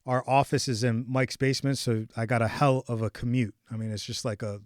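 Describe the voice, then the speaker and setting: A man in his forties hosting a podcast, telling a personal story in a casual chat with animated swings between hushed and loud. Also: mid-range voice, brisk, no room sound, studio quality. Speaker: podcast host.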